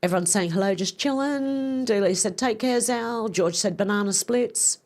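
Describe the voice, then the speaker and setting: A woman's voice: medium pitch, moderate pace, darkish tone. A middle-aged woman hosting a livestream, chatting casually, giggling as she reads viewers' comments aloud. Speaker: livestream host.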